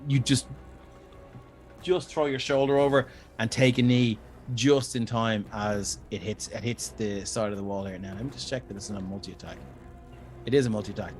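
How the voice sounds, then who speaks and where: Male game master, mid-pitched, loose and profane, narrates combat with mouth sound effects, faint music behind. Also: fairly even intonation, moderate pace. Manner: casual, swearing, makes sound effects. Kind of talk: narrating a tabletop game on a live stream.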